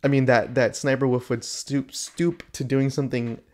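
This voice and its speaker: A man's voice: medium pitch, level tone, normal speed, a little mellow. A man ranting indignantly to the camera in a YouTube rant video, exasperated and emphatic.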